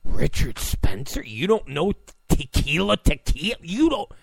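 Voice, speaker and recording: Gravelly, animated man ranting sarcastically. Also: a little high, unhurried, dry recording. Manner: incredulous, sarcastic, repeats himself, bursts into shouts. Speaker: talk show host. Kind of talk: ranting commentary. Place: Los Angeles.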